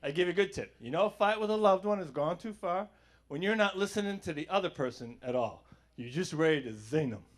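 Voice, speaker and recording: A stand-up comedian, a man with a fairly high voice, works a theater crowd. He tells stories sarcastically and plays both sides of his arguments. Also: expressive, fairly quick. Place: theater stage before a live audience.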